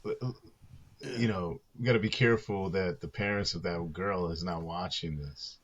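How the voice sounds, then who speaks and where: A man's voice: low voice, fairly even intonation, moderate pace, dull audio, slight background noise. A man hosting a casual comedic podcast, laughing and signing off in a friendly way. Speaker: podcast host.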